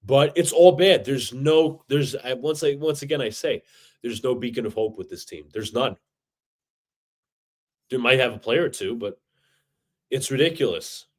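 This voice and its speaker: A man's voice: medium pitch, moderate pace, long pauses. A man hosting a sports fan livestream, talking in a frustrated, repetitive rant full of stumbles and restarts. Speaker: fan podcast host.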